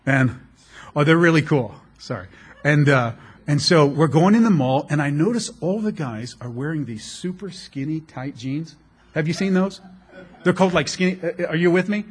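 A middle-aged man preaching a sermon as a pastor, animated and joking, with laughs along the way. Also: a little high, moderate pace, slightly rough.

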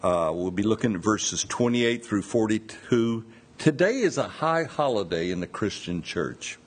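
A man preaching from the pulpit, moving slowly through scripture with informal asides. His voice is slightly husky and his pitch rises and falls in a lively way as he tells the story. He takes his time over each phrase. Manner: unhurried, expressive preaching with asides. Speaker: pastor. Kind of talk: sermon with scripture reading.

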